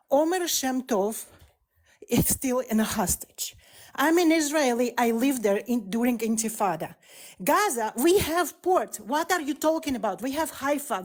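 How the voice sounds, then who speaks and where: Insistent high-voiced woman doctor. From Russia. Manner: insistent, fires off rhetorical questions. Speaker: doctor calling into a live debate. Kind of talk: heated live-stream debate. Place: in Europe.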